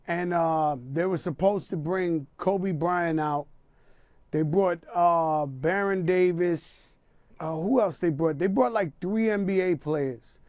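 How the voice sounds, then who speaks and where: A man's voice: high voice, a little mellow, dry recording. A man being interviewed as a guest, telling loose, streetwise stories full of fillers. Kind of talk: storytelling interview.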